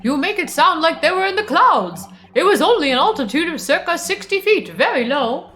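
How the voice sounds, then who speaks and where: Brief: woman as a cocky young inspector, slangy and boastful, lively pitch, game reading. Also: normal speed, heavily acted.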